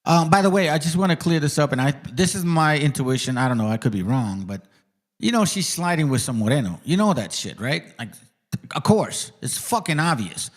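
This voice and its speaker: Man, podcast host, lively swooping pitch, profane banter, casual. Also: a little fast. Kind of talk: casual chat reacting to a video.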